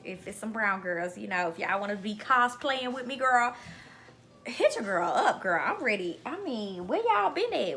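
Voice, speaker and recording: A woman's voice: fairly high pitch, normal speed. A young woman in a casual, playful home vlog, trying on wigs and chatting, often breaking into laughter and bits of song. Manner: animated, playful, lots of "girl" and "y'all", bursts of laughter and singing. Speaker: vlogger reviewing wigs. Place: indoors at home.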